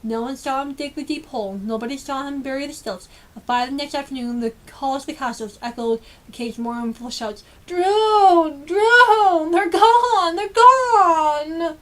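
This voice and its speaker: A woman reading a children's storybook aloud with lively, expressive storytelling. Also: fairly high pitch, fairly quick, few pauses. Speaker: storybook reader.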